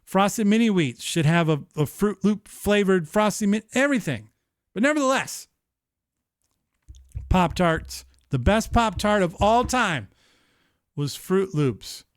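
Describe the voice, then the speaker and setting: A man's voice: high-pitched, measured pace, few pauses, clean tone, dry recording, clean studio sound. A man hosting a live stream, chatting casually and animatedly, swearing and playing up his feelings. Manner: animated, profane, mock-emotional. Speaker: show host. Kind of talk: casual livestream chat. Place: streaming setup.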